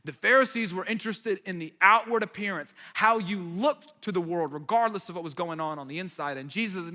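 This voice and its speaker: A man's voice: high-pitched, brisk, few pauses, pushed and bright. A man preaching a sermon as a pastor, conversational and emphatic with playful asides. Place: church hall. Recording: reverberant hall.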